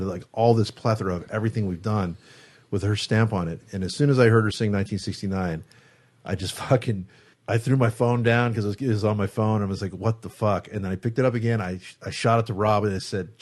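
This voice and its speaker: A man with a fairly low voice tells a long story as a guest in a studio interview. He talks casually and swears often. He acts out what people said in the story. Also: fairly quick. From San Francisco Bay Area. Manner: animated storyteller, acts out quotes, swears freely. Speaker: guest guitarist.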